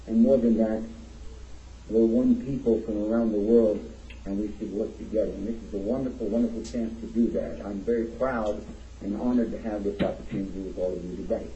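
A man's voice: medium pitch, dark tone. A man from Texas with a Texan accent, giving a playful, humorous keynote speech to a large audience in a hall. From Texas, USA. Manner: jokey, playful, teasing the audience. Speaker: keynote speaker, chaplain. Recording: echoey hall, dull sound.

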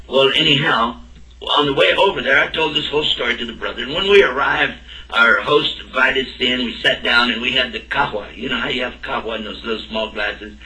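Bright-voiced man telling a story, roomy sound. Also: mid-range voice. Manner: animated, acts out both sides of the dialogue. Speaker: speaker telling a personal story. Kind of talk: anecdotal storytelling talk. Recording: roomy and distant from the mic.

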